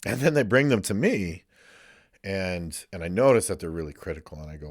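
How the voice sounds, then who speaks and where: A man's voice: deep voice, expressive, a little fast, dry recording, clean studio sound. A male counselor talking casually and candidly to camera, swearing freely and rambling through asides. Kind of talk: casual monologue.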